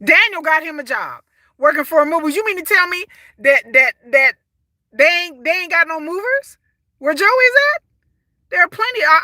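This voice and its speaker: Blunt, high-voiced woman reviewer. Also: pushed and bright, dry recording, clean studio sound. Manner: blunt, exasperated, swears freely. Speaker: reality TV reviewer. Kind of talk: casual commentary.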